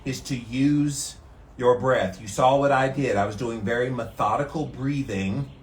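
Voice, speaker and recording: Calm, steady-voiced man in an ice bath. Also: mid-range voice, a little slow, echoey room, a little hiss or hum. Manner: calm and steady, relaxed despite the cold. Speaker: vlogger doing a daily ice bath challenge. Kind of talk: casual talk to camera. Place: sitting in an ice bath tank.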